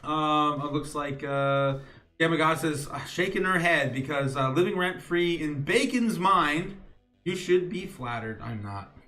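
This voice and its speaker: A man's voice: a little high, a little slow, bright, forceful tone, faint music behind. A male host giving loose, chatty market-news commentary on a live stream, reading from chat with many fillers and chuckling asides. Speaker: crypto show host.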